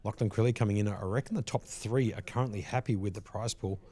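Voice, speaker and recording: A man commentating a live poker stream from a commentary box on a headset mic, relaxed and chatty, with frequent laughs. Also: lowish voice, quick pace, slightly rough. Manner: easygoing, laughs often, chatty asides.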